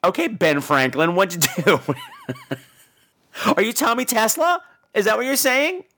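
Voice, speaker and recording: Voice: mid-range voice, sing-song, normal speed, a bit bright, a little hiss or hum. A podcast host giving a casual movie review in a sarcastic, exasperated rant.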